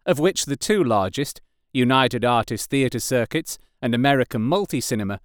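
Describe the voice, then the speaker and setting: A man reading aloud, narrating stories and nonfiction in an even, measured way. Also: medium pitch, no room sound, clean studio sound. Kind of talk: audiobook narration.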